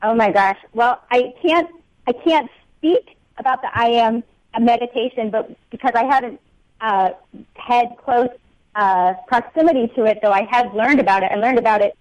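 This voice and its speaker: A woman's voice: a little high, moderate pace, no room sound, highs cut off. Woman, earnest, uplifting, spiritual talk, dry recording. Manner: earnest, uplifting, with filler words. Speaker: guest speaker, healer. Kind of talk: spiritual talk-show conversation.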